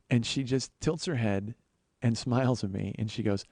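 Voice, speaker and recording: A man hosting a podcast, telling a personal story in a storytelling monologue, swearing often and getting louder and higher when worked up. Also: a little fast, breathy edge, no echo. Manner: profane, excitable, voice rising when worked up. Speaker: podcast host.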